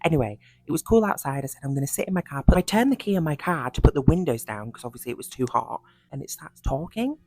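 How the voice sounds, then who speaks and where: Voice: medium pitch, expressive, fast, few pauses, darkish tone, no room sound, poor audio. Panicked vlogger, frightened, swearing, whispering in shock, inside a car, phone mic. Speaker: TikTok creator. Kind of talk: frightened vlog to camera.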